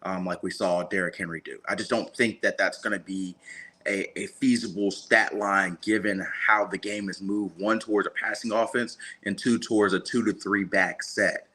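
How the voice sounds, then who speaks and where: A man co-hosting a sports talk show who explains his points in a measured, analytical way. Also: low voice, fairly even intonation, bright, forceful tone. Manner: measured, analytical, uses fillers. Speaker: sports talk co-host and reporter.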